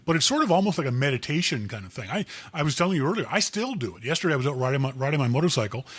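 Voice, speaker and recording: A man's voice: mid-range voice, sing-song, racing, fairly bright tone, slightly rough, no room sound. A Canadian man hosting a podcast, talking in a rambling, chatty way and correcting himself often. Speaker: podcast host. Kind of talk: casual podcast talk.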